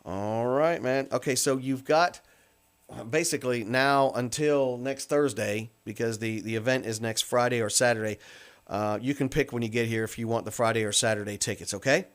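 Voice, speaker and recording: A man's voice: mid-range voice, moderate pace. A man hosting a call-in radio show, joking, rambling and poking fun at himself on a studio mic. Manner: rambling, joking, self-mocking.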